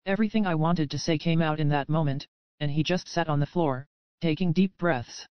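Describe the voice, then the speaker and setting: An audiobook narrator reading a first-person romance story with steady, emotional storytelling. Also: medium pitch, a little fast, clear, resonant tone, dry recording. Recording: dull lo-fi audio.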